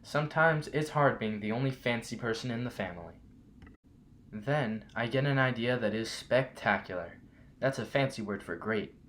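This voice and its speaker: A man's voice: medium pitch, moderate pace, fairly bright tone, a little hiss or hum. Man reading a children's picture book. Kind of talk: storybook read-aloud.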